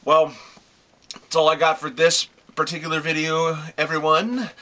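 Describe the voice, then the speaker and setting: A man's voice: fairly high pitch, a little slow, sharp tone. A man reviewing comic books in a casual video, gushing with praise and swearing freely as he talks. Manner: gushing praise, repeats himself.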